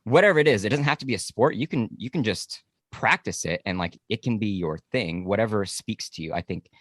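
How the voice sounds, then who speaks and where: A man hosting a podcast, talking in a relaxed, conversational way, often murmuring agreement and now and then swearing casually. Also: on the low side, fairly quick, no room sound, studio quality. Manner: relaxed, conversational, occasional swearing, frequent "mm-hmm" backchannel. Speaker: podcast host.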